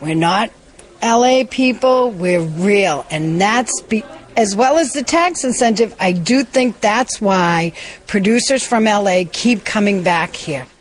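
A woman's voice: mid-range voice, animated, unhurried. Emphatic casting director woman. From Boston. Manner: emphatic, repeats points. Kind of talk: interview answers.

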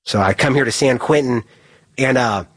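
A man's voice: medium pitch, moderate pace, dry recording. A man telling a story in a casual, rambling way, filling it with "like" and laughing at himself.

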